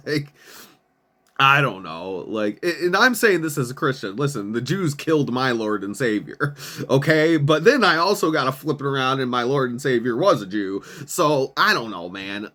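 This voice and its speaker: A man hosting a podcast in a loose, profane rant, sounding exasperated and breaking into laughs as he talks. His voice sits at an ordinary middle pitch, and he often mocks people with put-on voices. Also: expressive, normal speed, bright, forceful tone. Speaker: podcast host. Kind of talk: casual ranting commentary.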